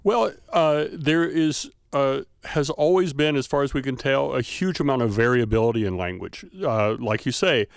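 A man's voice: medium pitch, moderate pace, vocal fry, hardly any pauses, clean tone, no echo, clean studio sound. A man with a light Southern American accent, a linguistics professor answering interview questions thoughtfully with many fillers. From Southern United States. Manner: thoughtful, frequent uh fillers, academic.

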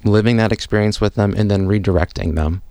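A man who is a physician guest on a radio show, answering questions in a calm, measured, explanatory way. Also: fairly low pitch, no echo. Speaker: physician and professor, guest expert. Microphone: studio microphone.

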